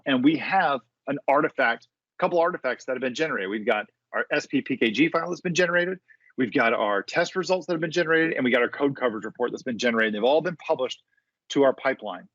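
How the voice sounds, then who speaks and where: A man presenting a casual, live screen-share tech demo on a developer community video call, with quick asides and restarts. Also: mid-range voice, expressive, a bit bright, dry recording, lo-fi sound.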